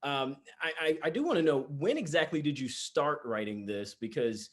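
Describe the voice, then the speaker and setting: A man's voice: on the high side, animated. A man interviewing an author, talking in a casual conversational way with frequent fillers. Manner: conversational, fills pauses with "uh" and "you know".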